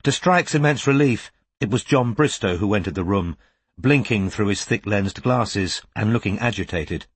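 A man narrating an audiobook in a calm, measured way. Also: lowish voice, breathy edge, no room sound. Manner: calm, measured storytelling, slows at quiet moments. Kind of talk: scripted narration.

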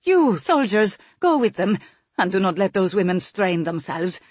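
A woman's voice: mid-range voice, lively intonation, normal speed, husky, no room sound, pitched above the performer's own voice. A woman voicing a commanding noblewoman mother who is emotional and bossy, in an audiobook reading. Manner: loud, urgent, commanding.

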